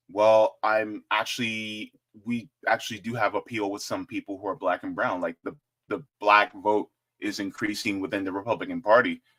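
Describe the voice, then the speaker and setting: A man hosting casual political commentary in an animated, joking way, with chatty asides. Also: fairly low pitch.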